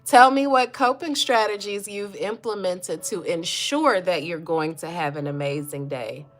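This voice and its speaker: A woman's voice: lowish voice, measured pace, faint music behind. Woman doing a mental health livestream, chatty, reads comments out, talks straight to viewers. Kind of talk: casual motivational livestream talk.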